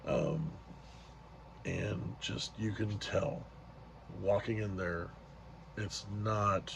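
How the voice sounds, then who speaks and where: A man's voice: lowish voice, steady tone, drawn-out words, creaky, a little hiss or hum. A man casually retelling an event as a vlogger, rambling along with many fillers and restarts. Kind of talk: casual storytelling recap.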